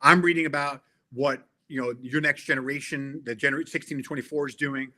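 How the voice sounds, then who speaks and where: A man's voice: medium pitch, steady tone, a little fast, pushed and bright. A middle-aged man talking in a casual interview as a guest, earnest and emphatic, often restarting his sentences. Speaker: interview guest, tech sales veteran.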